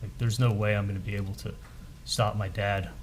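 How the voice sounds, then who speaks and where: Low-voiced man testifying on the stand. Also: flat delivery, a little hiss or hum, low-quality recording. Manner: halting, repeats words, retells dialogue. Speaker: trial witness. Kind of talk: courtroom testimony. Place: courtroom.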